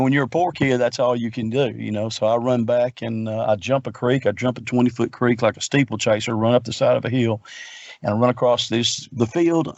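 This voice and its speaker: A man's voice: mid-range voice, creaky, darkish tone, no echo, muffled recording. A middle-aged man telling a long personal story in an earnest, rambling way, often repeating himself. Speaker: guest researcher. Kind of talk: casual storytelling.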